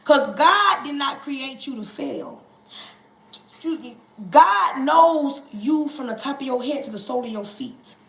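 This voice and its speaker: A woman's voice: high voice, expressive, a little slow, vocal fry, a bit bright, echoey room, poor audio. A woman preaching on a livestream, coaxing listeners and hammering her points through call-and-response and repetition. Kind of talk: impassioned livestream sermon.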